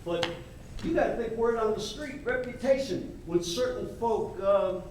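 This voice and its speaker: An actor playing a brash, fast-talking male Hollywood agent in a live stage play, pushing with salesman patter. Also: sits high, darkish tone, slight background noise. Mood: pushy. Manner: pushy, wisecracking salesman patter. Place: theater stage. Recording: echoey stage from far off.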